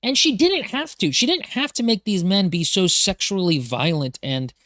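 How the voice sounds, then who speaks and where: A woman's voice: medium pitch, lively intonation, moderate pace, fairly bright tone, no echo, clean studio sound. A woman co-hosting a podcast, bluntly critiquing a novel's writing choices in casual chat. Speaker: podcast co-host. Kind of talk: casual book-roast chat.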